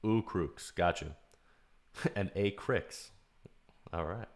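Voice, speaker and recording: A man's voice: low-pitched, takes it slowly. A man hosting a livestream, chatting casually while giving feedback on music demos. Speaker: streamer giving demo feedback.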